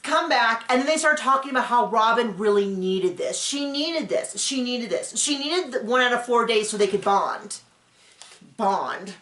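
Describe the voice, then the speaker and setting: A woman hosting a casual reaction show. She talks in an animated, sarcastic way and often mimics people. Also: a little high, moderate pace. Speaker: podcast host recapping a reality show. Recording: roomy home room.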